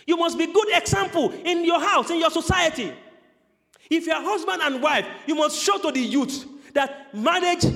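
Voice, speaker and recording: A male pastor preaching a sermon with passion, his voice climbing into shouts, then leading a prayer. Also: very high-pitched. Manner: impassioned, rising to shouts. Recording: long hall reverb.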